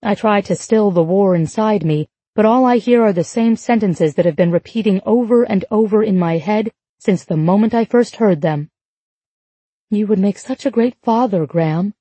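Husky-voiced woman narrating an audiobook. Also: medium pitch, moderate pace, dark tone, no room sound. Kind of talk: first-person novel narration.

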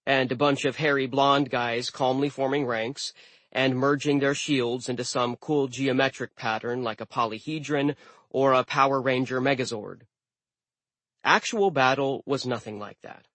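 A man reading a first-person audiobook narration with wry, deadpan humor. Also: mid-range voice, normal speed, no room sound. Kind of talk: scripted narration.

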